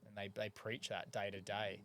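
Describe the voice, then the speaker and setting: A man's voice: lowish voice, completely flat delivery, normal speed, a bit bright, slight background noise. Easygoing Australian man, chatty and agreeable. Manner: chatty, agreeable, backchannels a lot. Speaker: podcast co-host or guest. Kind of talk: casual podcast chat.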